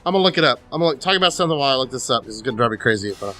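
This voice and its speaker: Brief: animated, bright-toned man, cursing and laughing through casual game commentary. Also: medium pitch, faint music behind. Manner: excitable, profane, quick to laugh. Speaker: co-host of a let's play.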